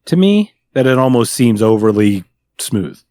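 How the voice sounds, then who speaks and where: A man's voice: mid-range voice, sing-song, a little slow, warm tone, no echo, clean studio sound. A man co-hosting a podcast, talking in a rambling way with lots of filler words. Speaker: podcast co-host. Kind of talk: casual chat.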